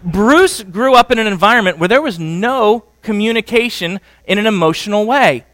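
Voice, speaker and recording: A man's voice: sits high, lively intonation, moderate pace, a bit bright, no room sound. A man giving a conversational sermon on marriage, often checking in with the audience. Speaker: preacher teaching on marriage.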